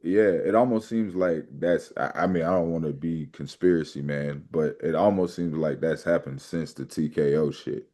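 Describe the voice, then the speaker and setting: A man's voice: extremely low pitch, normal speed, hardly any pauses, mellow. A man co-hosting a wrestling review podcast, talking casually and a little hesitantly, with lots of fillers. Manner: laid-back, hesitant, many fillers. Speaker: podcast co-host.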